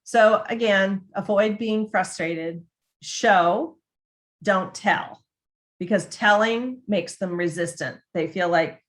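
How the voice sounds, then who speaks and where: Slow and mid-range, this woman's voice carries a chatty talk on dementia care, a topic she writes about. She often restarts and acts out quoted voices in her conversational presentation.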